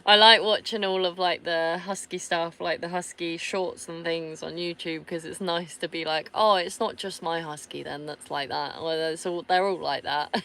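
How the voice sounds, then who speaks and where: A woman's voice: lowish voice, fairly even intonation, a little slow, gravelly, slight background noise. A woman chatting casually to her viewers in a camper van. She laughs often and swears offhandedly. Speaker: van-life vlogger. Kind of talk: casual chat answering viewers.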